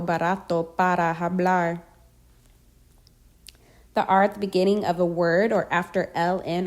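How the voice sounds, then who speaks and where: A woman reading a scripted pronunciation lesson, deliberately enunciating each example word. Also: medium pitch, a little mellow. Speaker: language teacher.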